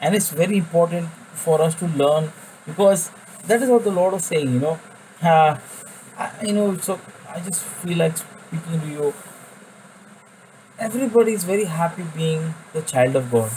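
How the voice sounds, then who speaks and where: A man's voice: on the high side, normal speed, dark tone, a little hiss or hum, poor audio. A man giving an informal Bible study, earnest and conversational, often repeating words as he searches for the phrasing. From India. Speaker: Bible teacher.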